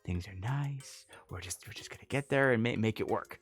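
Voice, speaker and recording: A man's voice: fairly low pitch, fairly quick, slightly rough, soft background music. A man casually telling a travel story on a livestream, laughing often and breaking off to answer chat.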